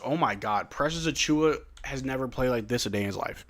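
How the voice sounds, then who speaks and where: A man's voice: medium pitch, animated, fairly quick. A man hosting a live stream watch-along, calling plays casually and chatting with viewers in a drowsy, slangy way. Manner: laid-back, slangy, reads chat questions aloud. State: drowsy, yawning. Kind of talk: casual play-by-play and chat reading.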